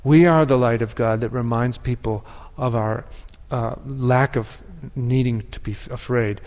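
A man delivers a sermon in a reflective, measured way, pausing and restarting as he thinks aloud. His voice sits in a middle pitch, and a long reverb from the sanctuary trails each phrase. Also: fairly even intonation, a little mellow. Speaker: pastor.

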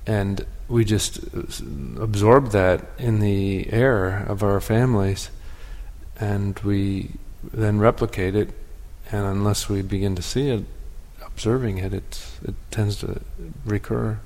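Deep-voiced man teaching a reflective class. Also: steady tone, slow, a little mellow, long reverb tail.

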